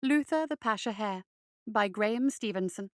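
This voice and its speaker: A woman reading a dark fairy tale aloud as a storyteller, crisp and expressive. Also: mid-range voice, moderate pace.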